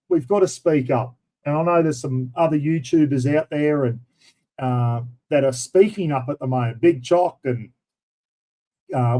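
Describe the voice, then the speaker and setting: Middle-aged Australian male streamer, casual and blunt, warm mellow tone. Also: a little high, rough recording. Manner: blunt, rambling, colloquial. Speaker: livestream host. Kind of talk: casual livestream chat.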